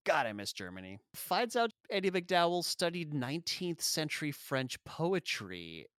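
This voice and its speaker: A man's voice: on the high side, very animated, normal speed, a bit bright, clear, resonant tone, no room sound, clean studio sound. A man co-hosting a podcast, casually recapping a film scene by scene, profane and chuckling. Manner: retells scenes, quoting characters in mock voices, profane and laughing. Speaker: podcast co-host. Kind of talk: casual movie recap chat.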